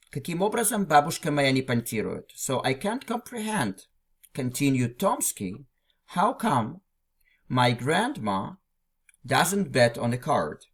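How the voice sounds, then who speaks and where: A man teaching a language through a classic text, explaining it line by line. He talks patiently and often repeats phrases or restarts a sentence. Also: medium pitch.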